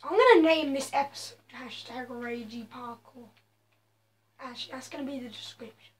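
Her voice is high-pitched and fairly quick as she provides casual commentary on a game she's playing. This gaming video host teases herself about how she plays and lets out abrupt exclamations along the way.

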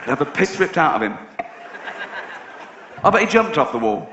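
An English male stand-up comedian telling blunt, profane stories, rising to incredulous shouts. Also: on the high side, big pitch swings, moderate pace, noisy background. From England. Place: live theatre stage. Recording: echoey dull live hall recording with crowd.

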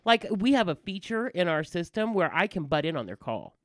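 A co-host in a casual podcast conversation, blunt and profane while griping about work calls. The voice is mid-pitched and dry, recorded close with no room echo. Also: very animated, a little fast. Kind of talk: casual chat.

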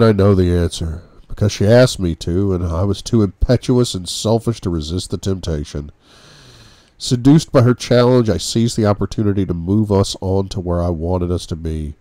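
A man narrating an audiobook in the first person, with a brooding, measured reading. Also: low voice, mellow, no echo.

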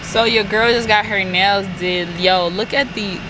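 A young woman vlogging in a casual, animated way, full of slang and swearing. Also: medium pitch, a little slow, heavy background noise. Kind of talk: casual vlog chat. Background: loud music.

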